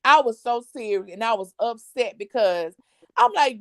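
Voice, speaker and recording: A middle-aged woman hosting a family live show, telling a story in an animated, expressive way. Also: fairly high pitch, normal speed, dry recording. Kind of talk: casual storytelling chat.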